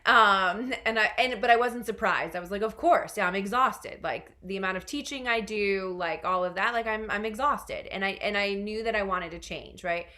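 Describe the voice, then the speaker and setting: Bright-voiced chatty woman coach. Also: medium pitch, normal speed, hardly any pauses. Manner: chatty, many fillers like "right?" and "like". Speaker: leadership coach. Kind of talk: answering a question in a webinar Q&A.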